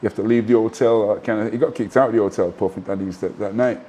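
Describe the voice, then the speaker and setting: A man, a former boxer telling animated anecdotes in a casual interview, full of asides and restarts. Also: fairly low pitch, fast talker, a little hiss or hum. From Manchester, England. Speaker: guest, former professional boxer.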